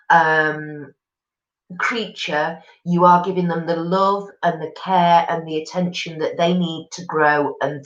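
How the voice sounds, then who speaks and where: A gossipy woman in her forties chats on a live stream, reading out comments and answering them warmly. Her voice sits fairly low. The sound is dull and lo-fi, in a roomy, echoey space. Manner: chatty and gossipy, with many ums. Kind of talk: casual chat reading out viewer comments.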